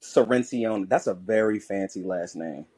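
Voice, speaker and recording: Animated sarcastic male caller. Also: fairly low pitch, normal speed, dry recording. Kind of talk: call-in discussion.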